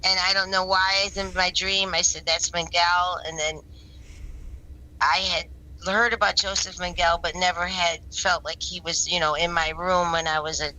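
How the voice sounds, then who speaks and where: A woman's voice: fairly low pitch, little pitch movement, moderate pace, pushed and bright, poor audio. A woman guest in an interview, telling her experiences in an earnest, rambling way, often restarting and repeating words. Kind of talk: casual spoken storytelling.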